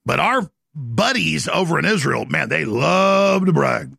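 A middle-aged man with a gravelly voice hosting a talk show, delivering an intense, boastful monologue. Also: on the high side, big pitch swings, a little slow, sharp tone, dry recording, studio quality. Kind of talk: ranting monologue.

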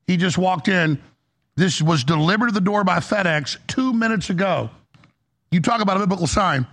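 A gravelly, raspy man hosts a live talk broadcast. His voice sits high and is pushed hard and bright. He is middle-aged, urgent and excitable, and he keeps repeating himself. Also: moderate pace. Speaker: talk show host.

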